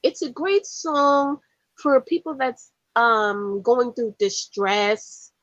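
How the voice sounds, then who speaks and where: A female co-host in a casual radio chat, speaking slowly with a lively, swinging pitch. Her dry, slightly dull sound fits a plain radio studio feed. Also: no room sound. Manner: unhurried, brief agreeing replies.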